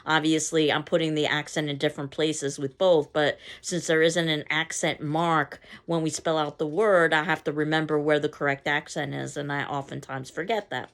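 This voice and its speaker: A woman's voice: low-pitched, flat delivery, normal speed, hardly any pauses. A woman teacher giving a recorded lecture on poetry, explaining in a conversational way. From not from the local area. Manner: explanatory, conversational, reads poem aloud in stressed beats.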